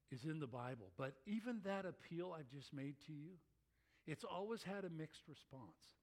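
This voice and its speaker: A male pastor preaching a sermon, animated, acting out the voices of his listeners. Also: fairly high pitch.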